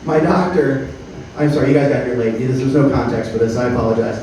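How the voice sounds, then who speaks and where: A man in his thirties performing a stand-up comedy set on a club stage, deadpan, with frequent filler words. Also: medium pitch, fast talker, noisy background. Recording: roomy club sound from a distance. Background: faint room ambience.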